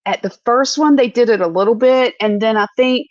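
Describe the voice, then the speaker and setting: A woman's voice: a little high, a little fast, dry recording. Earnest woman, dull dry sound. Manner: earnest, storytelling with acted-out quotes. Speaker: podcast co-host. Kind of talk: casual chat.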